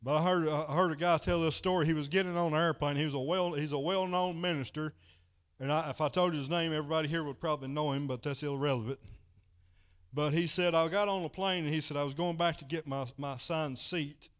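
A man preaches a sermon in a folksy, storytelling way. His voice sits a little high, and he strings his tale together with repeated "he said". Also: fairly even intonation, fast, clear, resonant tone.

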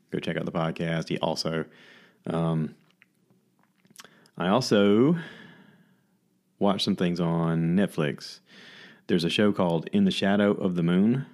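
Deep-voiced man rambling casually. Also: unhurried, pauses often, darkish tone. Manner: rambling, full of fillers and restarts. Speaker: vlogger host. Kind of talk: casual solo talk reviewing movies. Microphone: camera mic.

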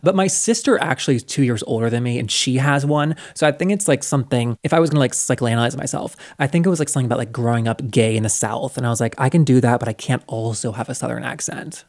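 A man in casual, playful interviewer mode, leaning on fillers as he talks. His voice sits in a middling pitch with no regional accent. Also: fast talker, few pauses, darkish tone. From American South. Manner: chatty and playful, with many fillers.

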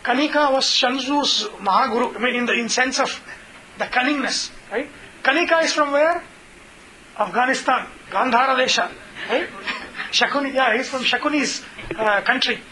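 A man leads an informal scripture class, rambling warmly through a fable with lots of fillers. His voice sits very high for a man and sounds bright. A faint hiss runs under it. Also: normal speed, rough recording. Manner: chatty, many fillers, retells stories. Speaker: teacher.

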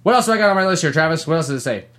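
A man's voice: on the high side, rapid-fire. A man co-hosting a gaming podcast, telling stories in a casual, profane way and laughing often. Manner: profane, laughing, animated storytelling. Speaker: podcast co-host.

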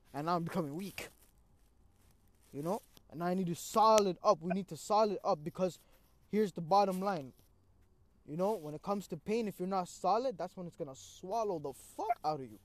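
A young man tells a personal story in casual conversation, his voice sitting high for a man. He talks with loose street slang, drops "bro" again and again, and acts out his own reactions as he goes.

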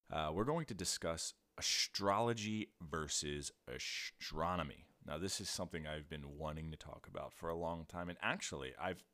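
A man with a low voice hosts a casual science podcast in a relaxed, joking way. His delivery swings up and down with plenty of life, and he often stops to correct himself or laugh at his own jokes. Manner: joking and laid-back, quick to apologise and laugh at himself; frequent restarts and self-corrections. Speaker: podcast host.

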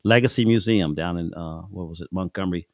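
A man's voice: sits low, fast, darkish tone, no echo, studio quality. A middle-aged man telling stories from his life in a casual chat, folksy and chuckling, acting out the people in his anecdotes.

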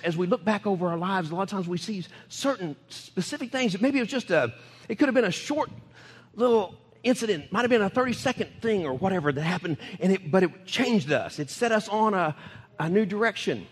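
An older man preaching a sermon in a church, speaking in animated bursts and repeating key phrases for emphasis. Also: high-pitched, brisk, breathy edge. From United States. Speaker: pastor. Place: church sanctuary. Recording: long church reverb.

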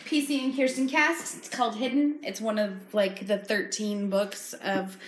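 A woman's voice: mid-range voice, fairly even intonation, a little slow, a little hiss or hum. A woman co-hosting a casual chat show, crude, blunt and jokey. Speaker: podcast co-host. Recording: echoey room.

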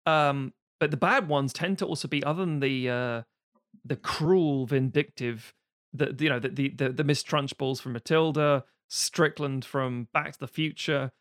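A man co-hosting a casual film discussion, animated, swearing freely and laughing often. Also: medium pitch, moderate pace, dry recording, clean studio sound.

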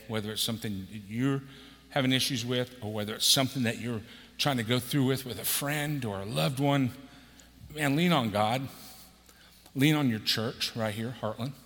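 A man's voice: mid-range voice, normal speed, fairly bright tone. A man in his sixties, an executive pastor preaching a conversational sermon and acting out quotes with a raised voice. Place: church auditorium. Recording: long hall reverb.

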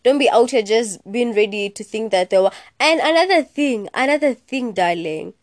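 A woman's voice: on the high side, moderate pace, no echo, clean studio sound. Sassy young woman podcasting. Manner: chatty and sassy, mixes in Swahili words, swears freely. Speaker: podcast host. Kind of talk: casual solo podcast chat.

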